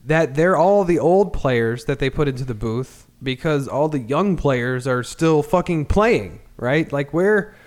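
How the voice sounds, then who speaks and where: A man's voice: a little high, lively intonation, measured pace, few pauses. Profane, opinionated male podcast host. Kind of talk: casual sports chat.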